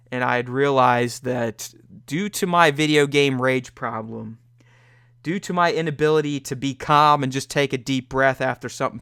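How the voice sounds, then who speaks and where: A man's voice: medium pitch, vocal fry, a bit bright, smooth, no room sound, clean studio sound. A young man hosting a podcast, telling a candid, profane story about himself and acting out his own reactions. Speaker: podcast host. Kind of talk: solo confessional podcast monologue.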